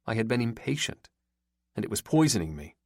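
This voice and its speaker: A man reading a romance audiobook in first person, steady and measured. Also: lowish voice, no echo, studio quality. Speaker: audiobook narrator. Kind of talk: first-person scripted narration.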